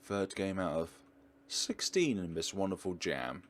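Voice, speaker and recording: Deep-voiced man chatting through a game. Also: very animated, unhurried, a little hiss or hum. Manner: chatty, rambling, joking. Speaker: let's play host. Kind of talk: casual gameplay commentary.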